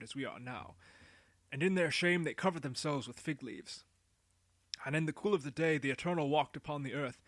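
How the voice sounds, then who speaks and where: A man voicing a weary, gentle, very old patriarch in a read-aloud story, speaking softly and solemnly. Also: mid-range voice, dry recording, studio quality, lightly acted. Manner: slow, soft, solemn storytelling. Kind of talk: storybook character voice.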